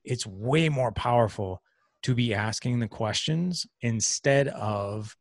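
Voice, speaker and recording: A man's voice: mid-range voice, lively intonation, slow, no echo, studio quality. A middle-aged man hosting a podcast, explaining ideas in casual conversation and acting out little example dialogues. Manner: earnest, explains with examples and acted-out quotes. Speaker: podcast host.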